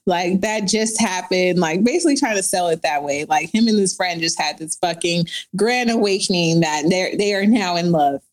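A woman in her thirties telling a story casually as a podcast guest, animated and profane, filling her talk with "like". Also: fairly low pitch, fairly quick, few pauses. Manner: animated, profane, heavy use of "like".

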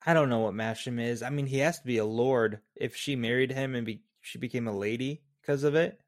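A man's voice: medium pitch, fairly quick, no room sound. Chill guy on a movie podcast, kinda hesitant, dry close mic. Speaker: podcast co-host. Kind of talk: casual movie discussion.

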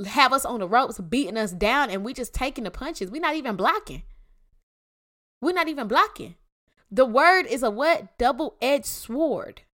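A woman with a Georgia Southern accent hosts a devotional podcast, speaking in a high, bright voice. She exhorts her listeners emphatically, and her pitch swings widely as she mixes slang with preaching. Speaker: podcast host. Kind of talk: casual devotional podcast talk.

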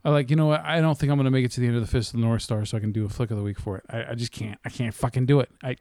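A man's voice: medium pitch, steady tone, racing, darkish tone, no room sound. A man co-hosting a podcast in casual chat, rambling, swearing and laughing often. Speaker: podcast co-host.

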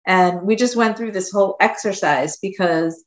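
A woman's voice: medium pitch, moderate pace, roomy sound. A woman hosting an interview, speaking in an affirming, encouraging way. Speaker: host. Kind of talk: conversational interview.

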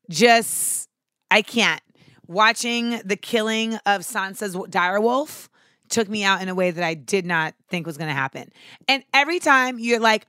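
Young woman, podcast host, casual comedic rant, profane, animated, mid pitch, dry close sound. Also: normal speed, no room sound. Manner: animated, profane, acts out scenes with shouts.

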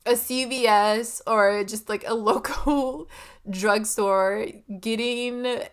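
A woman's voice: a little high, steady tone, slow, clear, resonant tone. A young woman chatting casually about a film, giggling and full of fillers and asides.

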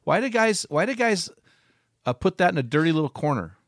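A man's voice: fairly high pitch, very animated, a little fast, dry recording, clean studio sound. Affirming male interview host. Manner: affirming, reads aloud from the guest's book. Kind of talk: casual interview.

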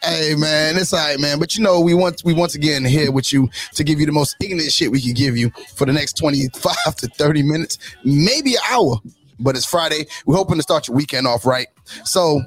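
A man hosting a comedy morning show, loose and slangy and quick to laugh. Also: fairly high pitch, faint music behind.

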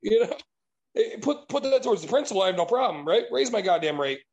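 A man with a high-pitched voice tells a long story in relaxed conversation. He swears freely and sounds exasperated throughout. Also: quick pace, dull audio. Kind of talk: casual chat.

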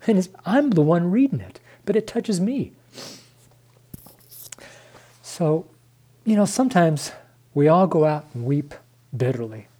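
A man with a fairly high, mellow voice and lively intonation preaches an earnest devotional sermon at a normal speed. Emotional and close to tears, his voice nearly cracking, he calls his viewers his friends.

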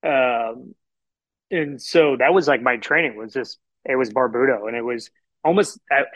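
A Houston, Texas chef who owns a restaurant guests on a laid-back podcast, meandering through anecdotes and acting out the voices of those he quotes. He speaks at an ordinary mid pitch with a slightly bright tone. The audio is rough, close-miked and dry, with no echo.

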